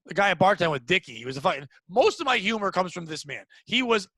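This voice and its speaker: A man rants his way through crude podcast banter, his voice pitched very high and leaping all over the place. The sound is dry and close, with nothing of the room around it. He swears freely as he tells his stories. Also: fast talker, dry recording. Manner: animated ranting storyteller, swears a lot. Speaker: podcast co-host.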